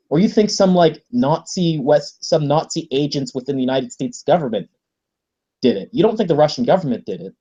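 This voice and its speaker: A man's voice: fairly high pitch, dark tone, breathy edge, muffled recording. A man co-hosting a casual podcast, speaking animatedly and laughing often. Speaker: podcast co-host.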